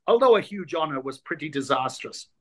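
A man's voice: fairly high pitch, fairly quick. A man in his sixties, from Ireland, telling rugby stories as a guest in an interview, acting out the voices of people he quotes and repeating words as he searches for them. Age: 60s. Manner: lively raconteur, acts out quoted voices, repeats words when reaching for them. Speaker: guest, former rugby player. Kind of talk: anecdotal interview storytelling.

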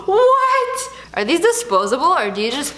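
Young female vlogger, giggly and sarcastic, very animated delivery, echoey room. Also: on the high side, moderate pace, background noise. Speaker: YouTuber. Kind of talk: casual unboxing vlog.

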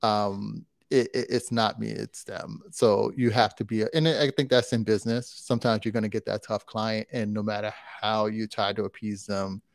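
A man talking casually as a photographer guest in an interview, relaxed and rambling, with lots of fillers and restarts. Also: on the low side, moderate pace, gravelly, few pauses, no echo, clean studio sound.

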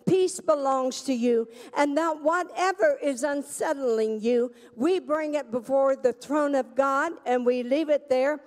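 A woman pastor preaching a sermon in a church, slow and emphatic, drawing the congregation into call-and-response. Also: sits high, darkish tone, big-room sound. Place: church sanctuary.

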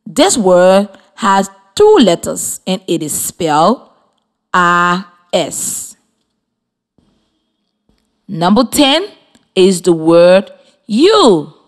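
A woman from Liberia leads a radio lesson for young children, speaking slowly and spelling out each step. Her pitch moves a lot, rising and falling in a sing-song way. She talks in an encouraging, clearly articulated classroom manner. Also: very animated. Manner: slow, clearly articulated, encouraging teacher talk. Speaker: radio teacher. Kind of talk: slow scripted classroom instruction. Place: radio studio with students present.

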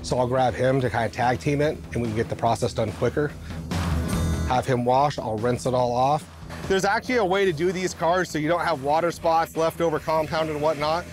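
Over music, a man speaks a little high and a little fast, describing how he paints and details cars at a restoration shop. His explanation of each work step is plain and matter-of-fact, in a reality show interview with work commentary.

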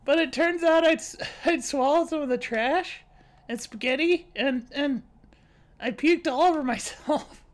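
A woman reading the lines of a blunt, goofy young adult female cat, telling a rambling story in a deadpan way. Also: sits high, measured pace. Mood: wry.

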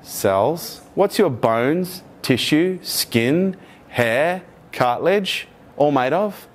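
A man's voice: a little high, animated, very slow, slight background noise. A man giving a live motivational keynote to an audience, swearing freely and acting out quoted voices. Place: conference room with live audience.

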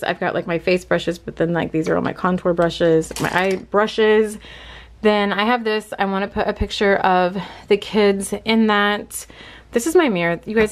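A young woman vlogging a casual tour of her small bedroom, candid and rambling, a bit out of breath, filmed on a handheld phone. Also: medium pitch. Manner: chatty and candid, rambling with fillers. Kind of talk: casual vlog room tour.

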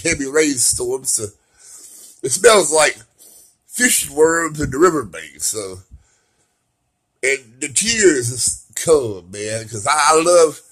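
A vlogger in his forties with a husky yet bright voice delivers a casual, rambling monologue while lying in bed at home by an open window. He's animated, swinging between loud laughing outbursts and soft, low talk.

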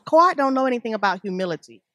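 A woman's voice: fairly high pitch, lively intonation, fast, fairly bright tone, no room sound. A woman co-hosting a casual review chat, blunt and sassy in her talk. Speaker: co-host of a reality TV review show.

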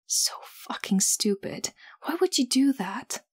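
A woman's voice: fairly high pitch, lively intonation, slow pace, a little mellow, slightly rough, whispered, voice pushed up, exaggerated voice. A woman reading a fierce, desperate young soldier woman. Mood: anguished. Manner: snarling, pleading.

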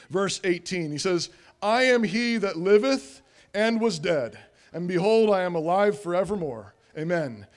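A man preaching a sermon as pastor, emphatic and repetitive, asking rhetorical questions and answering them. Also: high-pitched.

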